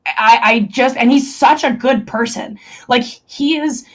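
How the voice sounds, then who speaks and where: A young woman chatting casually on a live stream. Her voice sits fairly high, and she talks candidly, rambling from one thought to the next. She leans on fillers and swears freely. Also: a little slow. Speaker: stream co-host. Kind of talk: casual chat.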